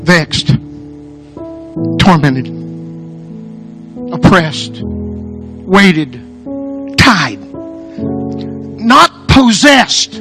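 A male preacher delivering an impassioned sermon, building rhythm by repeating words and long lists. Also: sits high. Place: church sanctuary. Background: soft guitar music.

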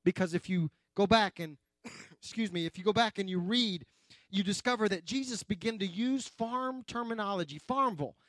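A man's voice: sits high, moderate pace, fairly bright tone, dry recording. A man preaching a sermon as pastor, folksy and chatty with the congregation, often restarting and adding asides.

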